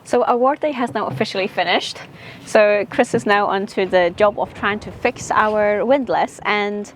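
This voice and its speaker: A woman's voice: medium pitch, normal speed, a little hiss or hum. Hesitant woman on a sailing vlog. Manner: hesitant, with many fillers. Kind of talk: casual vlog chat. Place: aboard an anchored sailboat.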